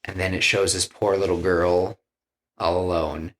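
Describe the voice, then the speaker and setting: Low, slow-talking man retelling a film. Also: level tone, fairly bright tone. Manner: retells scenes, acting out quoted lines; loose, rambling with restarts and "you know". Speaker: podcast co-host pitching a film. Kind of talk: casual storytelling chat.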